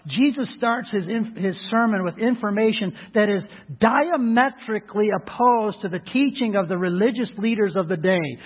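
A middle-aged man pastor telling a folksy, halting personal story in his sermon, voicing people with raised shouts. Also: high-pitched, husky. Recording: echoey hall, phone-like sound.

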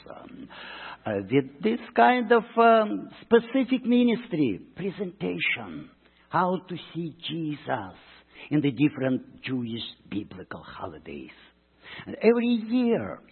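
Halting Russian-accented man preaching in church. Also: high voice, slightly rough. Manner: halting, many ums and uhs, broken English. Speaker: missionary guest speaker. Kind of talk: church presentation. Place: church sanctuary. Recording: tinny, reverberant church recording.

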